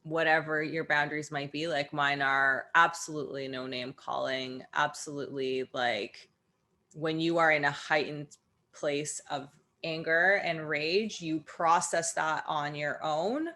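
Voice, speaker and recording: A woman co-hosting a casual conversation, speaking in a measured, earnest way. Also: low voice, steady tone, pushed and bright. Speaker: co-host.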